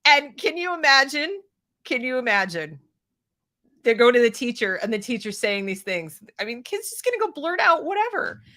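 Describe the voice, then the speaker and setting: A middle-aged American woman hosting an opinionated commentary show, talking in an animated, sarcastic way and reading out viewer comments. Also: high voice, normal speed. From United States. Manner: animated, sarcastic, mimics people in mocking voices. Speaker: show host.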